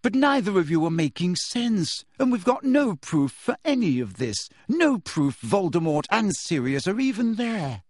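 Hermione, as a male reader puts her on, high and pleading. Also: sing-song, measured pace, hardly any pauses, dry recording, studio quality, heavily acted. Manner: pleading, hesitant, reasoning. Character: anxious, insistent teenage girl witch.

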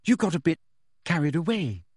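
Hermione, as a male reader puts her on, high and pleading. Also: very animated, fairly quick, darkish tone, slightly rough, no room sound, studio quality. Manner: pleading, hesitant, reasoning. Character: anxious, insistent teenage girl witch.

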